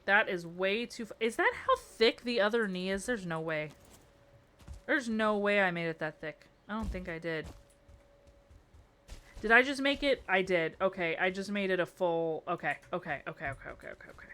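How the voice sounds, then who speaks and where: A woman's voice: medium pitch, lively intonation, normal speed, fairly bright tone, clear, resonant tone. A woman streamer chatting casually with her viewers and talking to herself as she builds in a game, playful and rambling. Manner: chatty, talks to herself and chat, playful muttering.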